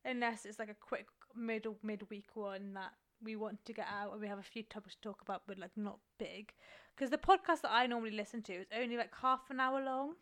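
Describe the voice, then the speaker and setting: A woman's voice: medium pitch, fairly quick, few pauses, a bit bright. A woman co-hosting a podcast, chatting casually and poking fun at herself, often restarting her words. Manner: chatty, self-deprecating, trailing restarts. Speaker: podcast co-host. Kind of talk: casual chat.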